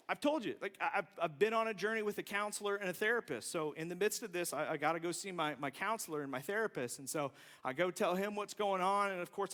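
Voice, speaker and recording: A man telling a personal story in a sermon, self-deprecating and animated. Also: high voice. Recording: long reverb from a large hall.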